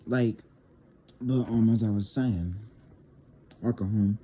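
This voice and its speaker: A man's voice: fairly low pitch, slow, dark tone. A teenage boy telling a rambling storytime to his viewers, stammering and repeating words as he goes. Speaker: vlogger. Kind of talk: casual storytime monologue.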